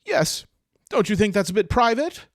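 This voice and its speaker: A man's voice: medium pitch, sing-song, dry recording, clean studio sound. A man voicing a prim, touchy young woman elf who lectures and guards her privacy. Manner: fussy, lecturing, quick to take offense.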